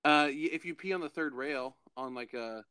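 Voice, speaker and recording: A man's voice: a little high, normal speed, sharp tone, clear, resonant tone. A man co-hosting a casual comedy podcast, reading strange news items and laughing between them. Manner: laughs between lines while reading odd headlines.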